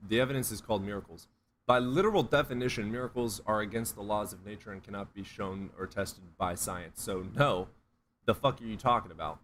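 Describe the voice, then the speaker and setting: A man's voice: on the low side, a little fast, a bit bright, slight background noise. A man streaming and answering chat questions in a blunt, profane, sarcastic way. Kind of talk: casual livestream chat.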